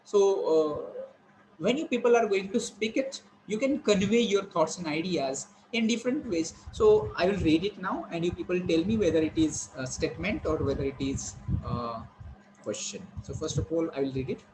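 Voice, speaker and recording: A male lecturer teaching a class, explaining slowly with many fillers and restarts. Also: fairly high pitch, noisy background. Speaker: college lecturer.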